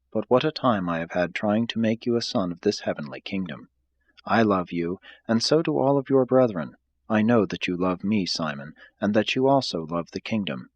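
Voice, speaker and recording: A man reading aloud, voicing a gentle, earnest male spiritual teacher in a calm, measured way. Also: lowish voice, dry recording. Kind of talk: audiobook reading.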